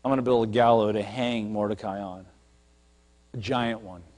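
A preacher putting on a low, brooding villain. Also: male voice, steady tone, normal speed, a little mellow, lightly acted. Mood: seething. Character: vengeful scheming ancient villain man, consumed with rage. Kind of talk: sermon storytelling.

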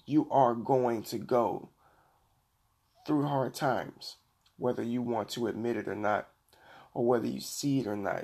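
A middle-aged man hosting a Christian devotional podcast, preaching earnestly and slowing down to read scripture. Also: medium pitch, vocal fry, darkish tone. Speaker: podcast host.

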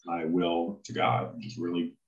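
A man telling his personal faith testimony as an interview guest, in an earnest, halting way. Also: low voice, monotone, roomy sound, lo-fi sound.

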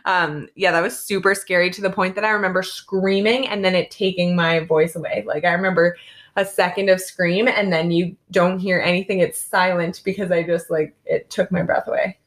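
Young woman from Canada, casual chat, animated storyteller, relaxed everyday conversation. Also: fairly low pitch, moderate pace. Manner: animated storytelling with lots of "like" and "basically". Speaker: co-host recounting travels.

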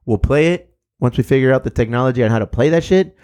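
A man's voice: medium pitch, quick pace, a little mellow, clean tone. A man in his thirties co-hosting a podcast, loose and profane, laughing often and dropping Spanish phrases into his talk. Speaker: podcast co-host. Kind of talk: casual podcast banter.

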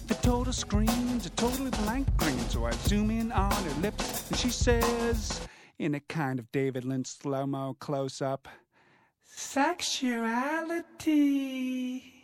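A comic going deaf. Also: male voice, extremely high pitch, big pitch swings, takes it slowly, faint music behind, heavily acted. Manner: patter singing with comic asides. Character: man going deaf, doing comic stand-up song. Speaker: singer in a stage musical. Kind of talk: comic musical theatre song. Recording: cast recording over loud band.

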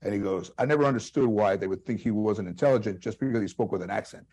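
A man with a Chicano English accent, a comedian guest telling animated anecdotes full of quoted voices and restarts. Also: lowish voice, fast talker, breathy edge. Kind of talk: storytelling interview.

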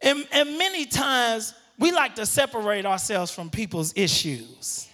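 A man preaching a sermon, drawing words out for emphasis and building up to shouts. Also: high voice, lively intonation, a little slow, hardly any pauses, long reverb tail.

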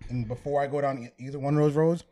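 A man chatting casually in a group, playful and musing out loud. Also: mid-range voice, fairly even intonation, very fast.

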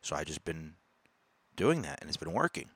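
A man hosting his own podcast in a casual, profane rant that swings between loud outbursts and low mutters. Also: big pitch swings, normal speed, slightly rough, no room sound. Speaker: podcast host. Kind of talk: casual ranting monologue.

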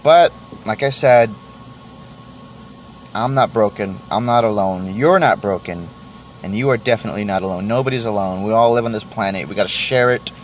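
A man's voice: fairly low pitch, moderate pace, a little hiss or hum. Stammering man venting on a podcast. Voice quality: stammering, restarts phrases often, swears freely. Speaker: podcast host. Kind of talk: solo podcast monologue, venting.

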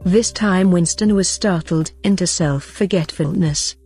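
A woman reads a novel aloud in a measured, even way. Her voice is low and a little husky. Faint music plays underneath. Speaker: audiobook narrator. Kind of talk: scripted narration.

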